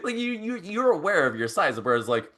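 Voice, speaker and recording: A lively podcast co-host with a bright, fairly high voice tells stories in a casual chat, speaking a little fast. He's an animated storyteller who laughs often and acts out quotes.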